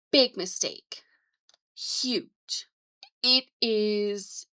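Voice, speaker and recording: A woman's voice: medium pitch, pushed and bright. A woman hosting her own video show, chatting casually and enthusiastically with frequent small laughs. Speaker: host. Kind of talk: casual vlog chat.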